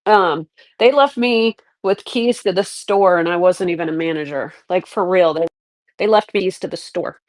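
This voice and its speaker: A woman's voice: lowish voice, normal speed, no room sound. A middle-aged woman hosting a livestream, chatting candidly and rambling through her life story. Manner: rambling, candid, reflective, many restarts. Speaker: livestream host. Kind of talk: casual livestream chat.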